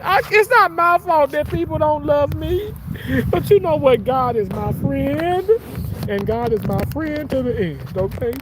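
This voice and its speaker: A man's voice: very high-pitched, animated, measured pace, heavy background noise. A man hosting a casual livestream. He reads viewer comments in a crude, giggly, playful way. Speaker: livestream host.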